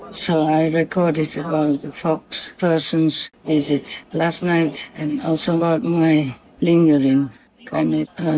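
A woman talking gently and affectionately at night outdoors near a forest, full of blessings. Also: fairly low pitch, creaky, poor audio. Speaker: vlogger. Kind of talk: soft spoken night-time monologue.

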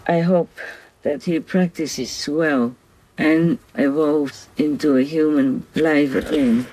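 A spiritual teacher giving a slow, gentle, devotional talk, with soft laughter between remarks. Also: mid-range voice, steady tone, rough recording.

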